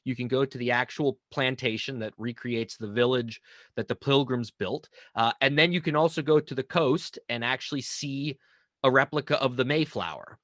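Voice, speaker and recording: A man's voice: mid-range voice, moderate pace, fairly bright tone, no echo, studio quality. A man hosting a casual porch interview podcast. He talks chattily and often repeats his first words as he starts a question. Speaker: podcast host and German teacher.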